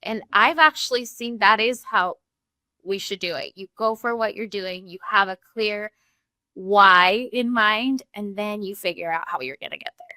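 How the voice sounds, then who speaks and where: A woman's voice: medium pitch, normal speed, pushed and bright, no room sound. A woman hosting a podcast interview, enthusiastic and affirming toward her guest. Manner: enthusiastic and affirming, laughs often. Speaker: podcast host.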